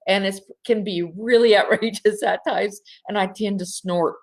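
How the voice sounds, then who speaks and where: A woman hosting a live online session from home. She talks in a bubbly way, laughs often, speaks straight to her listeners and slows to a soft voice when guiding a breathing exercise. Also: medium pitch, fairly even intonation. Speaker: host of an online women's gathering. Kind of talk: live-streamed coaching talk with guided breathing.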